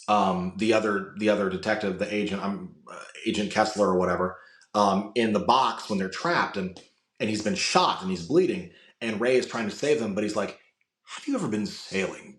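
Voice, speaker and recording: A man from the United States talks casually as a podcast guest, with a lowish voice. He tells rambling stories and swears freely. The sound bounces around an echoey room. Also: moderate pace. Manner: rambling storytelling with frequent swearing. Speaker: guest, wrestling content creator. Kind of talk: casual interview chat.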